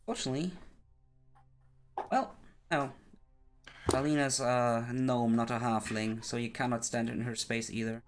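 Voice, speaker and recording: A man's voice: medium pitch, steady tone, a little slow, pauses often, over music. A man playing a tabletop game with friends, casually explaining the rules to the other players.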